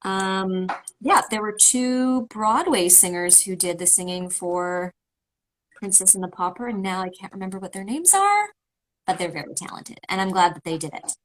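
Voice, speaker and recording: On a livestream where she signs autographs, a voice actor from Canada chats casually through a remote video call, rambling slightly with fillers. Her mid-range voice has lively intonation, a moderate pace and a fairly bright tone, with slight background noise and poor audio.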